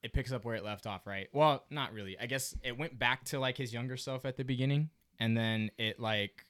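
A man co-hosting a podcast, recapping a show in a laid-back, halting way. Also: medium pitch, fairly bright tone. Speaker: podcast co-host. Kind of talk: casual chat, recapping a show.

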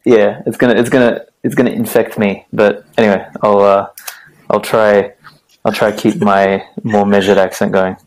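A man with a milder Australian accent speaks as a podcast guest. His voice sits a bit low, and he thinks aloud in long, meandering answers full of small restarts. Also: level tone, moderate pace, rough recording. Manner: rambling, thoughtful, with many fillers and restarts. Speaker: guest author. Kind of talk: casual podcast interview.

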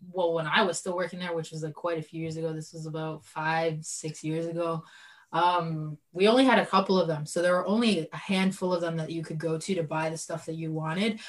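A young woman from Canada telling a story in casual chat, animated and full of fillers. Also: on the low side, low-quality recording.

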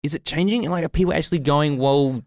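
A man's voice: a little high, quick pace, gravelly, no echo, studio quality. A man, co-hosting a casual podcast and telling a sweary, ranting story. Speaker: podcast co-host. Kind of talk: casual chat.

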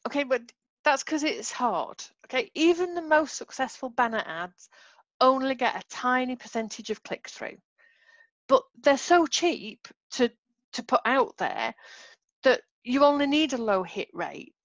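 A woman's voice: sits high, big pitch swings, measured pace, no echo, dull audio. A woman co-hosting a podcast, explaining things in a patient, firm way. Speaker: podcast co-host. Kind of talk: casual chat.

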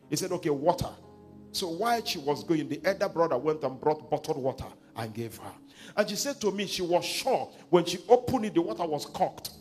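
A man's voice: a little high, animated, brisk, a little mellow, soft background music. A male pastor with a Nigerian accent preaching a sermon, leading his congregation in reading scripture aloud and retelling a counselling story.

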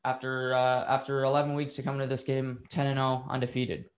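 A man's voice: medium pitch, completely flat delivery, brisk. A man giving an unscripted, opinionated recap of a football game, rambling with fillers and restarts and getting heated over calls he dislikes. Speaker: football commentator.

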